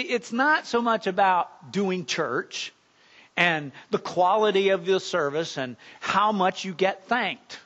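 A male pastor with a high, bright, forceful voice delivers a sermon in a conversational way. He keeps asking the listeners questions and often repeats words as he builds his point. The recording is dull and lo-fi.

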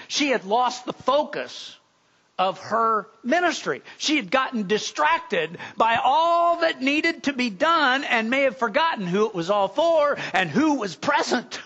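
A man's voice: high-pitched, pushed and bright, highs cut off. A man preaching a sermon as pastor, talking conversationally, asking the congregation questions and repeating words as he goes.

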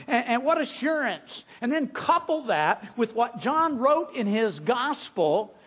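High-voiced preacher, man, lo-fi. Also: animated. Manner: moves from hushed and slow to loud and emphatic. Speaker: pastor. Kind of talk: sermon.

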